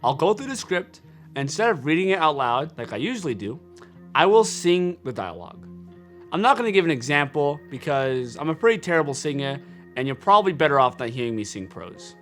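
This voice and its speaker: Young male filmmaker, scripted explainer read, animated pitch, faint music bed. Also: brisk. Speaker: filmmaker sharing screenwriting tips.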